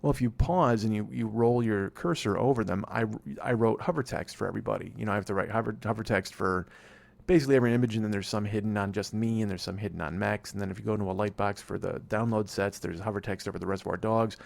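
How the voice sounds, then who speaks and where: Fast and creaky with a fairly low pitch, this man in his 40s delivers a solo podcast monologue. His tone is casual and self-deprecating, full of rambling and swearing.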